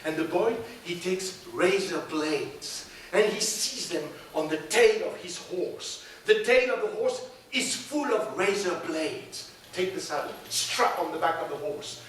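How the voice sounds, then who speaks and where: A man telling a folk tale on stage in a high-pitched voice, swinging into rhythmic, chanting repetitions. He sounds far from the mic in a booming, echoey theater. Live music plays along. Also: expressive, measured pace, hardly any pauses, fairly bright tone, slight background noise. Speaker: storyteller. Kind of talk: live storytelling performance.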